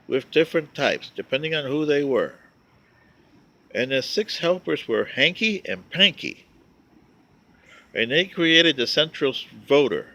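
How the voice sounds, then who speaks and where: A man vlogging, telling a wry, joking story with drawn-out emphasis on his punchlines. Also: a little high, pushed and bright. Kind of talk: casual storytelling monologue.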